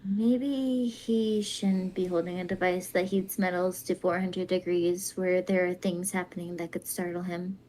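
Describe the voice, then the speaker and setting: A woman reading fan fiction aloud in a soft, even, casual way. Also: lowish voice, a little slow, few pauses. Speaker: fanfic reader.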